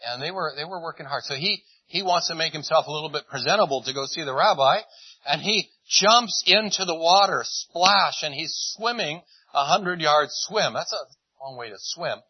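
Husky man preaching a story sermon. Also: on the high side, moderate pace, dry recording, muffled recording. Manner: conversational storytelling, retelling scenes in lively voices. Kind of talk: sermon, retelling a Bible story.

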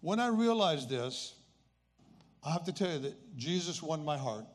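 An elderly man in his eighties tells a personal testimony. His voice sits a little high for a man. He talks in an earnest, plain, conversational way. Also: sing-song, moderate pace. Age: 80s. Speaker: speaker sharing a personal testimony. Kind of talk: storytelling testimony.

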